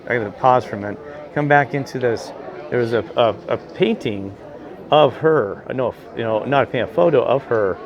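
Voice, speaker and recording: A man telling a rambling, excitable story in casual chat, gesturing as he talks outdoors. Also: medium pitch, a little fast, lo-fi sound. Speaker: vlogger telling a ghost story.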